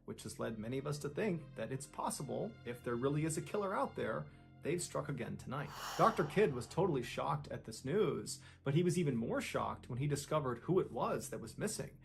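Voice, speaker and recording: A man tells a true-crime story with a gravelly, fry-edged voice at an ordinary pitch. He builds suspense as he goes and acts out what people said. Faint music plays underneath. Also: big pitch swings, brisk. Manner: dramatic, suspenseful retelling with quoted lines. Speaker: narrator.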